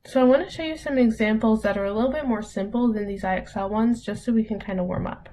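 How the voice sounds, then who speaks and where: A woman's voice: a little high, quick pace, warm tone, slight background noise, low-quality recording. A young adult woman teacher walks through a recorded online lesson. She explains step by step, chatty and full of ums.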